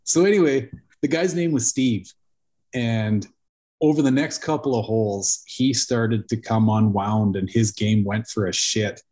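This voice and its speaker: A man's voice: fairly low pitch, a little slow, darkish tone. A man, co-hosting a casual podcast and telling rambling, profane stories. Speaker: podcast co-host.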